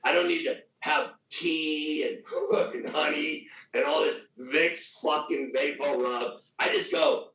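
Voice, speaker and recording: A middle-aged man with a gravelly voice, talking loudly, boastfully and with a lot of swearing in a casual interview. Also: fairly high pitch, fairly even intonation, unhurried, hardly any pauses, far from the mic. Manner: loud, profane, boastful. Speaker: radio host guest. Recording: echoey room, off mic.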